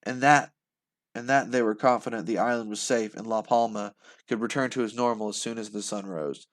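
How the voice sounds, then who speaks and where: A man's voice: on the low side, brisk. Man reading a novel aloud live. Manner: expressive reading with slips and restarts. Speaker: channel host reading aloud.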